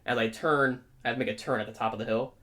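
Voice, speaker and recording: A young podcast co-host tells a story in a casual, animated way, often checking in with his listener. His mid-range voice races along.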